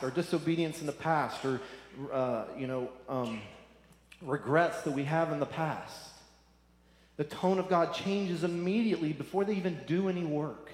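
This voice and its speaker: A man preaching a sermon, earnest and repeating phrases for emphasis. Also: fairly high pitch. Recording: echoey hall.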